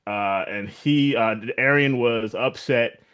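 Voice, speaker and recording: A man's voice: medium pitch, slow, fairly bright tone, smooth. A man co-hosting a podcast, animatedly recapping a TV series in casual chat and acting out what the characters say. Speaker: podcast co-host.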